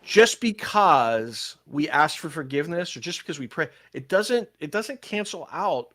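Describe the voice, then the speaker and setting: An older man, a pastor and podcast host, telling stories in casual church podcast chat with animated, quick bursts. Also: a little high.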